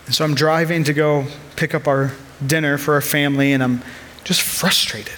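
A man's voice: fairly high pitch, fairly even intonation, normal speed, fairly bright tone, a little hiss or hum. A man in his thirties preaching a sermon as a pastor, earnest and conversational, weaving personal stories into his message.

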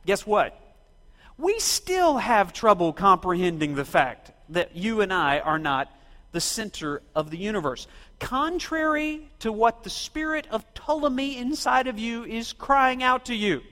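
High-voiced, lively preacher in a reverberant church. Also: male voice. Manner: rhetorical, quizzes and directs the congregation. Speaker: pastor. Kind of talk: sermon. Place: church sanctuary. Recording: long reverb of a church hall.

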